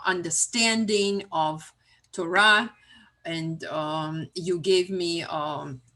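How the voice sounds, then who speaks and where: A woman voicing a grieving rabbi who speaks slowly, haltingly and in a subdued way. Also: fairly low pitch, fairly bright tone. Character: grieving old rabbi, humble and gentle.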